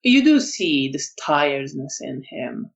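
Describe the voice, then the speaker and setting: A storyteller narrating a tabletop vampire game in a hesitant, softly descriptive way. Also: medium pitch, sing-song, a little slow, gravelly, lo-fi sound.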